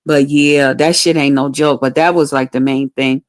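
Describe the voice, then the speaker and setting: A woman's voice: a bass voice, steady tone, moderate pace. A woman telling a personal story to her livestream viewers in casual, frank talk, cursing freely and speaking straight to the audience. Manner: candid, profane, addresses viewers directly. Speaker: livestream host.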